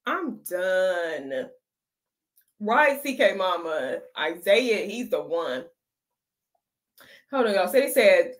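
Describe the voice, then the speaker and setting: A woman's voice: lowish voice, big pitch swings, slow pace, pauses often. A woman runs a casual reaction stream, speaking to her viewers in loose slang. She laughs often and keeps the chat going between clips. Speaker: reaction video host.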